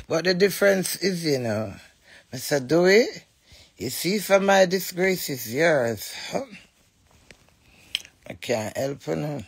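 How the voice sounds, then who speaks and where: A woman's voice: sits low, expressive, a little slow, vocal fry, husky. A woman with a Jamaican accent, ranting and cussing defiantly in a monologue to camera. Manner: loud, cussing, defiant rant. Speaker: vlogger.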